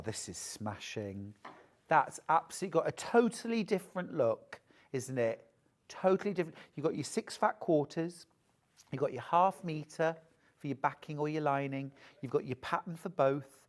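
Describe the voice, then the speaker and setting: A woman's voice: low-pitched, darkish tone. A woman presenting live on a TV shopping channel, gushing over the products and urging viewers to buy. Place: TV studio.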